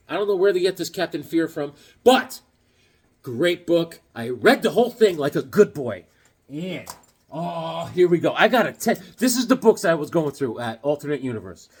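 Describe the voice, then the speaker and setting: Animated high-voiced jokey man. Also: husky. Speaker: comic book collector showing his haul. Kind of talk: casual chat.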